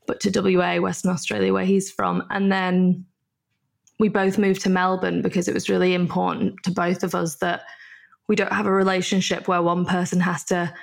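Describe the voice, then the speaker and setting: A woman's voice: fairly low pitch, little pitch movement, normal speed, gravelly. A woman in her thirties from the north of England, a podcast guest telling long chatty stories full of likes and ums. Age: 30s. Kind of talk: casual conversation.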